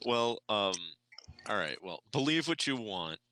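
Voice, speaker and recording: A man playing in a tabletop game session, chuckling often and leaning into his character's suspicions. His voice is very bright and sharp-edged, with lively, animated intonation. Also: fairly low pitch, unhurried, slight background noise, rough recording. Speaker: player. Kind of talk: casual tabletop game chat.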